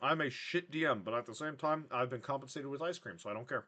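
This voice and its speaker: A man's voice: mid-range voice, quick pace, bright, forceful tone. A man running a tabletop game as game master, joking, self-deprecating and profane. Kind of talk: casual livestream narration of a tabletop game.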